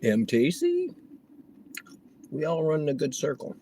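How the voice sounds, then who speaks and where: A man's voice: a little high, wildly swooping pitch, measured pace, dark tone, rough recording. Chatty man live-streaming on the road. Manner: chatty, jokey asides, talks to passersby. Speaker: delivery rider vlogger. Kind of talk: casual live-stream commentary. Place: outdoors on city streets, riding a cargo bike. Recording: clear outdoor street noise from vehicles. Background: traffic and street noise.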